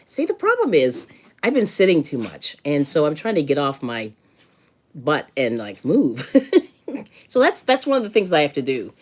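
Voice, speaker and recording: A woman's voice: sits low, wildly swooping pitch, moderate pace. A middle-aged woman hosting a live stream, casually chatting with viewers and giving advice, laughing often. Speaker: livestream host.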